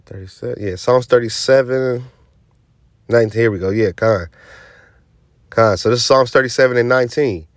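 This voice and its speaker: Man, informal preacher, streetwise and emphatic, mid-pitched voice, dry close sound, sarcastic asides. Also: moderate pace, long pauses, no echo. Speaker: teaching officer of a religious group.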